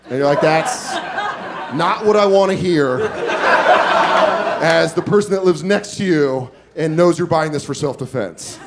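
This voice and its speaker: A man in his forties telling a profane, self-deprecating story on a comedy club stage, acting out the voices of others. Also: high-pitched. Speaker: stand-up comedian. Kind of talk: stand-up storytelling. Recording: loud crowd laughter and noise.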